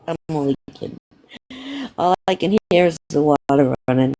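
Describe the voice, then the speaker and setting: A woman's voice: sits low, unhurried, long pauses, mellow, no echo. A woman chatting casually on a livestream, playful and teasing. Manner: playful, teasing, drifts into singing. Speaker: livestream co-host.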